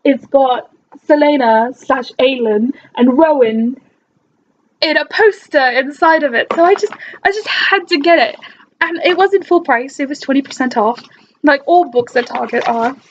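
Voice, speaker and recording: A woman's voice: high-pitched, moderate pace, highs cut off, a little hiss or hum. A young woman chatting in a casual vlog, talking in an imitated British accent. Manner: chatty and enthusiastic, with frequent restarts. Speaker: book vlogger.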